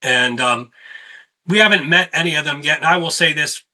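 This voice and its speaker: A man hosting a casual sit-down conversation and telling lively tour stories. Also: a little high, moderate pace, low-quality recording. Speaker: host; touring musician.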